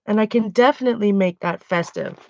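A woman's voice: medium pitch, fairly quick, no echo. A woman chatting casually while painting, a laughing storyteller. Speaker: art vlogger. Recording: dull, dry lo-fi sound.

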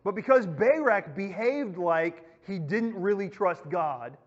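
High-pitched male youth pastor, casual Bible lesson, echoey hall, muffled lo-fi recording. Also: animated, unhurried. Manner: casual, storytelling, acts out quotes.

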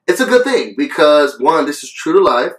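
A man's voice: fairly high pitch, very animated, normal speed, roomy sound, low-quality recording. A man talking earnestly in a casual vlog review, coughing between phrases and repeating himself for emphasis. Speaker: video reviewer.

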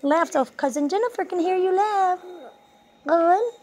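A woman's voice: very high voice, measured pace, darkish tone, soft background music. An older woman, a grandmother, coaxing her baby grandson in sing-song baby talk while filming him on her phone at home. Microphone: phone held while filming.

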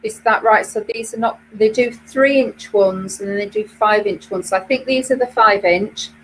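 A woman's voice: medium pitch, normal speed, a bit bright, slight background noise, rough recording. A British woman co-hosting a knitting web show, chatting casually with many fillers and restarts. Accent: British English. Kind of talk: casual chat.

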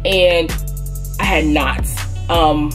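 A young woman getting over a cold, telling her hair story in a casual, animated vlog and speaking to viewers as y'all. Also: deep voice, drawn-out words, music in the background. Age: young adult. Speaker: beauty vlogger.

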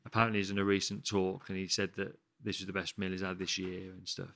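A man in his thirties from the West Midlands of England, a chef chatting as a podcast guest, excitable, swearing freely and calling everyone mate. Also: sits low, fast. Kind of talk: casual interview chat.

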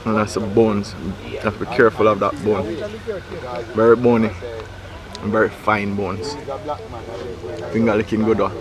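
A man's voice: lowish voice, level tone, brisk. Man savoring food aloud outdoors. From Jamaica. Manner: savoring, with frequent exclamations and hums. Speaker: food vlogger host. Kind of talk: food tasting commentary. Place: outdoor riverside cookout. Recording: loud crowd chatter outdoors.

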